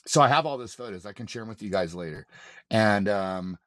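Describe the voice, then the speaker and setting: A man's voice: on the low side, brisk, no room sound. Man telling a story in a dry room. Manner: animated, acts out quoted lines, swears freely. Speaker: mountain guide, podcast guest. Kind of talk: casual storytelling.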